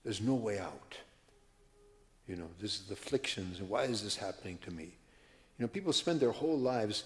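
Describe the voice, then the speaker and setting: A man's voice: lowish voice, animated, normal speed. A man in his seventies from California, telling stories with many tangents and restarts as a workshop speaker in a mosque. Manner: rambling, prone to tangents and restarts. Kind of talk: storytelling talk. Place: mosque hall. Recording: long hall reverb.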